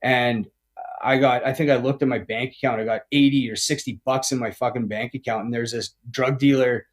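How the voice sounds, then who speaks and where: A man's voice: medium pitch, fairly even intonation, fairly quick. A man in his forties, a podcast guest telling his recovery story candidly, swearing a lot, tagging lines with "right?" and "man" and restarting often. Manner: rambling with frequent restarts.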